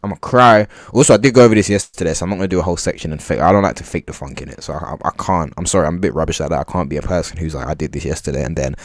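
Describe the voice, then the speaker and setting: A man's voice: extremely low pitch, rapid-fire, hardly any pauses, dry recording, studio quality. A young man hosting a podcast, reacting to clips with mocking exclamations and muttered asides. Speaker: podcast host. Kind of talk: reaction commentary.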